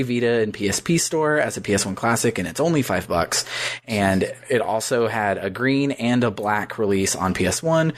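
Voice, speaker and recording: A man hosts a relaxed chat podcast about games, his voice sitting a little low. He rambles along with plenty of fillers and laughs often. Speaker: podcast host. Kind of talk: casual gaming podcast chat.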